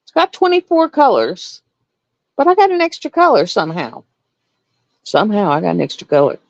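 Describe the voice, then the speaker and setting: A middle-aged woman chatting casually to viewers, animated and laughing often. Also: medium pitch, a little fast, creaky, dry recording, lo-fi sound. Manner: animated storytelling, laughs often, swings between voices. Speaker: live stream host.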